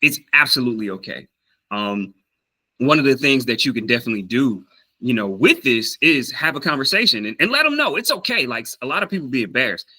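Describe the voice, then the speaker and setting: A man's voice: medium pitch, a little fast, low-quality recording. A man with a Southern US accent, vlogging casually about learning a language, telling a story with lots of fillers and acting out voices. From Southern United States. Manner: animated, acts out quoted voices, many fillers and restarts.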